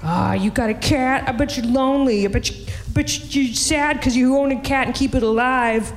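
A woman's voice: sits high, moderate pace, voice pushed up. A woman voicing a sneering person who mocks a cat lady in a taunting, singsong manner, within a stand-up routine. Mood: mocking. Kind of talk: stand-up comedy.

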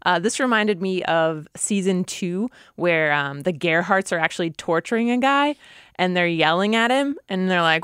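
A woman co-hosting a podcast, recapping a TV episode in casual, animated chat. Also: on the low side, normal speed, clear, resonant tone, no room sound, studio quality. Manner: animated, amused storytelling. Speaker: podcast co-host.

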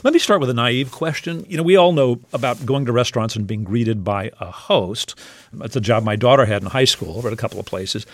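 A man's voice: medium pitch, fairly quick, no room sound. A man hosting a radio interview who asks curious, conversational questions.

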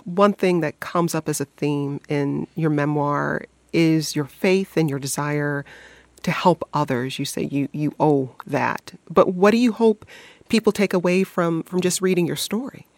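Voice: medium pitch, a little slow, no room sound. A host asking careful, framed questions with small restarts, setting up each topic for the guest. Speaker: radio interview host. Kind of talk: measured interview questions.

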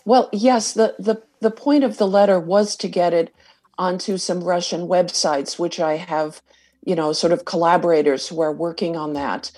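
A woman's voice: fairly low pitch, fairly even intonation, normal speed, warm tone, breathy edge. A woman lawyer interviewed on radio, speaking in an earnest, explanatory way.

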